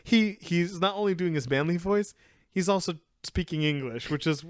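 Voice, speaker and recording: A man's voice: high voice, moderate pace, no echo, clean studio sound. A young man co-hosting a casual anime review podcast, recapping scenes and acting out the characters' lines. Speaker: podcast co-host.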